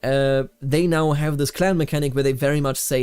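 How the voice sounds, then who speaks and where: A man's voice: on the high side, steady tone, brisk, few pauses, a little mellow, clean tone. Rambling man commenting on gameplay. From Bavaria, Germany. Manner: rambling, reacts aloud to the game, frequent fillers and restarts. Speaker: strategy game streamer.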